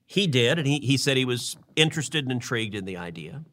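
A man's voice: medium pitch, lively intonation, brisk, bright, forceful tone. A middle-aged man, a senator, explaining his reasoning in casual political talk, earnest and often repeating words as he builds a point. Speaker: senator and co-host.

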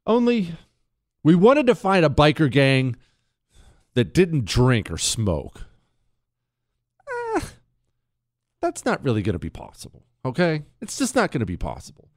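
A man's voice: on the high side, wildly swooping pitch, measured pace, long pauses, no room sound, clean studio sound. A middle-aged American man hosting a talk radio show, delivering an opinionated, sarcastic monologue full of restarts and asides. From United States. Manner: combative, sarcastic, rambling with restarts. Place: radio studio.

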